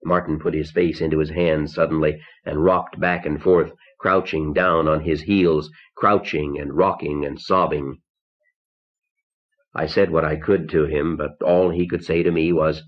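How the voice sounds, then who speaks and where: A man narrating a short story in the first person, measured and somber, on a dull old cassette tape. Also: deep voice. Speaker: audiobook narrator.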